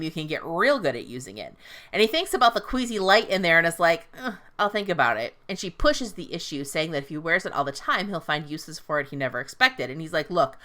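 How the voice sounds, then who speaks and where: A woman hosts a podcast, retelling a fantasy book in a loose, profane, joking way. Her voice sits a little low but moves a lot, with a bright, forceful edge. She slips into quick paraphrased lines for the characters. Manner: swearing, playful, paraphrases characters in quotes. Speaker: podcast host recapping a book. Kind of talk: casual recap storytelling.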